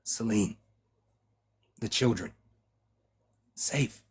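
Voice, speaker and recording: A man playing a dying warrior in a faint rasp. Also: lowish voice, extremely slow, heavily acted. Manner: faint rasping whisper, broken short phrases. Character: dying young male warrior, weak and rasping.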